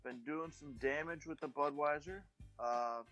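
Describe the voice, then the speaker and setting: A man co-hosting a podcast, talking in a halting way with many fillers. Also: on the high side, music in the background. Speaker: podcast co-host. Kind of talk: casual chat.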